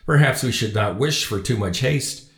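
A man's voice: medium pitch, animated, normal speed, roomy sound, lightly acted. A man voicing an outspoken, well-spoken young woman who talks nervously and fervently in a storybook reading. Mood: earnest. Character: earnest young woman, outspoken patriot sympathizer.

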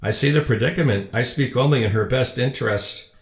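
A man's voice: medium pitch, fairly quick, echoey room, close to an everyday voice. A man voicing a stern, sardonic middle-aged neighbor in a storybook reading.

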